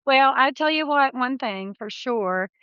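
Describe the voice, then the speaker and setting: A woman's voice: high-pitched, animated, a little slow, smooth, no room sound, dull audio. A woman in her sixties, a dentist guest telling her story in a chatty, laughing way. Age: 60s. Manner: warm, chatty, laughs often, acts out quoted voices. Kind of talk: casual interview chat.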